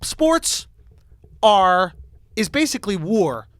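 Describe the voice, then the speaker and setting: Man, podcast host, emphatic and ranting, bright forceful tone, dry studio mic. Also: sits high, big pitch swings, slow, no echo. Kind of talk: casual podcast chat.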